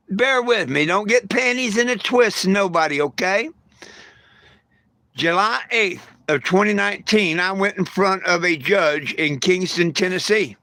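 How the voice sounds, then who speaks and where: A man's voice: high voice, bright, forceful tone, dry recording. An older retired man talking to his viewers in a blunt, crude, folksy way, telling stories and snapping back at commenters. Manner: folksy storyteller with homespun grammar. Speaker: vlogger. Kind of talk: casual rant to camera.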